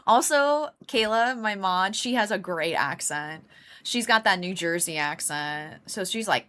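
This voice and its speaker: Slow, bright-voiced chatty woman streamer. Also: mid-range voice. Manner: chatty, laughs often, greets and answers chat; rambling, many "like" fillers. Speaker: live streamer. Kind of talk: casual live-stream chat with viewers.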